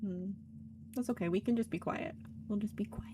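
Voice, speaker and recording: A woman joining her friend on a stream, chatting quietly and agreeing. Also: mid-range voice, moderate pace, background noise. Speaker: co-host friend. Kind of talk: casual stream chat.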